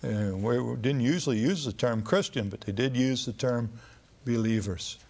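Retelling scripture like an easygoing story, a man delivers a sermon at a moderate pace and a middling pitch. His plain talk includes the odd filler and restart, much like a chat with the congregation.

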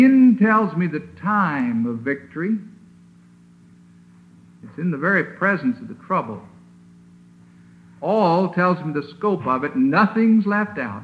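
A man preaching a sermon in an emphatic, deliberate way, leaning hard on single words, heard on a lo-fi old recording from a chapel. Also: on the high side, sing-song. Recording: tinny lo-fi old sermon recording with faint hiss.

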